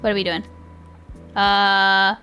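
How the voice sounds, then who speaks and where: A woman's voice: medium pitch, monotone, slow, pushed and bright, smooth, soft background music. A young woman streamer chatting casually with her viewers. She rambles, laughs often and swears easily. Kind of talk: casual live-stream chat.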